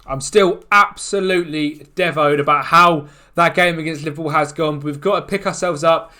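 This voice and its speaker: A man commentating on his own football management game, excitable and quick to groan and shout at the action. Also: fairly high pitch. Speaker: gaming YouTuber.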